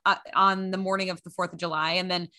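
A woman co-hosting a podcast in casual chat, quick to react with playful asides. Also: on the low side, little pitch movement, pushed and bright. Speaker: podcast co-host.

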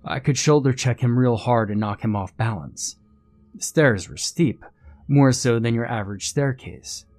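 A man narrating a horror story in a measured, suspenseful way. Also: medium pitch, darkish tone, soft background music.

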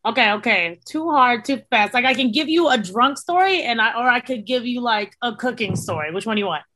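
A woman from South Texas chatting as a podcast guest, with a fairly high voice. She tells lively stories, swears freely and acts out the people she quotes. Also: fairly quick. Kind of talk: casual chat.

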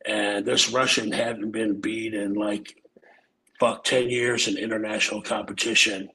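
A middle-aged man from Omaha, Nebraska, a former wrestler appearing as a podcast guest, tells stories casually and laid-back, swearing freely and sprinkling in "man" and "um." His voice is lowish and level, measured in pace, with a pushed, bright quality. The audio quality is poor.

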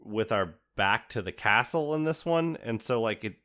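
Relaxed man host, low voice. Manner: relaxed, halting, with restarts and laughs. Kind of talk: casual chat.

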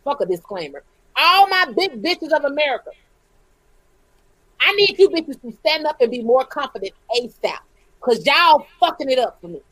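Female co-host, high pitch, dead-dry sound, blunt storytelling banter. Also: sing-song, normal speed, a bit bright, no echo, rough recording. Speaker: podcast co-host. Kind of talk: casual crude banter.

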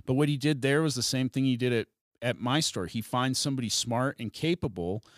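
A comedian telling a profane, animated story in a casual podcast chat. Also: male voice, mid-range voice, fairly quick, no room sound, studio quality.

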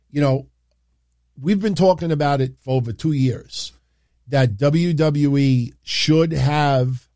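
A man hosting a casual livestream, talking in an excitable, rambling way and jumping into quick impressions. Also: mid-range voice, dry recording, studio quality. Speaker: wrestling show host.

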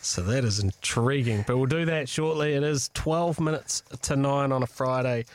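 A man's voice: mid-range voice, normal speed. A man hosting a breakfast sports radio show, chatting jovially with callers and co-hosts. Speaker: radio host.

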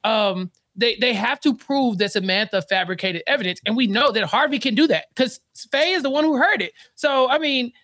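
Animated podcast co-host, dry close mic. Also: male voice, very high voice, moderate pace, few pauses, dry recording. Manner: animated, acts out characters with exaggerated quotes. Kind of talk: casual TV recap chat.

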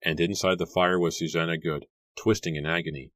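A man narrating an audiobook in a measured, even reading. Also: low voice, dry recording.

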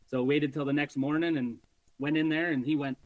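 A man guesting on a podcast, telling a hunting story in an animated, casual way and swearing freely. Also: a little high, brisk, no echo, poor audio.

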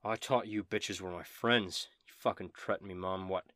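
A man's voice: deep voice, steady tone, moderate pace, bright, forceful tone, no echo, clean studio sound. A man voicing a furious, betrayed young male brawler who swears and accuses as he speaks. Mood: bitter.

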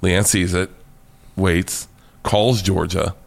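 Middle-aged comedian, low-voiced storyteller, loose and profane, bursts into loud acted-out quotes. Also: male voice, slow, gravelly. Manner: animated storyteller, swears freely, acts out quotes loudly. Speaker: comedian guest. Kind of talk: storytelling in a casual interview.

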